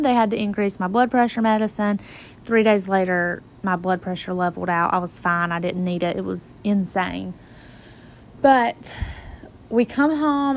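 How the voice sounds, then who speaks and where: Young woman with a gravelly voice. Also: medium pitch, slight background noise. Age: 20s. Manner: casual, conversational retelling with lively quoted reactions. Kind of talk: personal storytelling.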